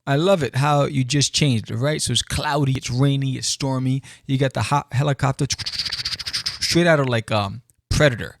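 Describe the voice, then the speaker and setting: Gravelly-voiced excitable man reviewing comics. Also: mid-range voice, moderate pace, background noise. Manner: excitable, exclamatory, with playful asides. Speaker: comic book reviewer and podcast host.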